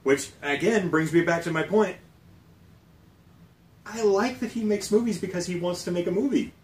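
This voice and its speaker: Animated man in a roomy distant recording. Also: sits high, normal speed. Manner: animated, swearing, rising into excited emphasis. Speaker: co-host. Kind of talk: casual chat about movies. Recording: roomy sound from a distant mic, faint noise.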